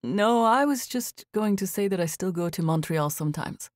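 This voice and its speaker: A woman narrator voicing a calm, gentle man around thirty in audiobook dialogue, speaking in an even, measured way. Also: medium pitch, no echo, studio quality, lightly acted.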